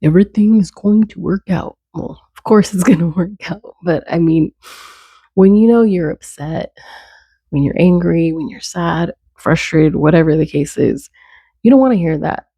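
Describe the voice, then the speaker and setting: A woman's voice: on the low side, normal speed, warm tone, husky, no room sound. A woman giving earnest, conversational faith encouragement, stacking short repeated phrases. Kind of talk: casual faith talk to camera.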